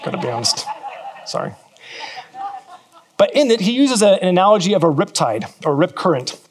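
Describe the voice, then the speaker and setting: Earnest preacher, fairly high voice. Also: male voice, sing-song, normal speed, a little hiss or hum. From California. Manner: earnest, repeats key phrases for emphasis. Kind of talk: sermon. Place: church in New Zealand.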